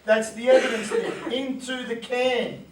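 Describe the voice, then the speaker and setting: Animated high-voiced New man. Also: measured pace, reverberant, distant mic, noisy background. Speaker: sports coach and presenter. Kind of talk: motivational talk to coaches.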